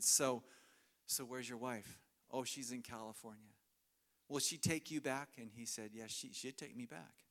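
A man's voice: medium pitch, a bit bright. Chuckling storytelling male preacher. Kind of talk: sermon. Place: church.

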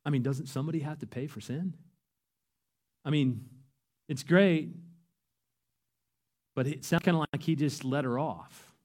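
A man preaching a sermon, earnest and emphatic, his voice rising to loud peaks. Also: on the high side, unhurried, long pauses. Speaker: pastor.

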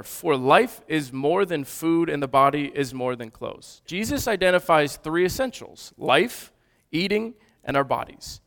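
A man's voice: a little high, fairly bright tone. A man in his thirties, a father of toddlers, preaching an earnest, conversational sermon with frequent restarts. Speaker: pastor.

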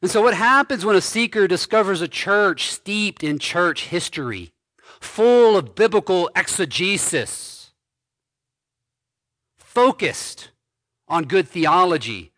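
Slow, bright-voiced preaching man. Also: high voice, animated, dry recording, clean studio sound. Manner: slow, emphatic preaching with repeated phrases. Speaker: pastor. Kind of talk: sermon.

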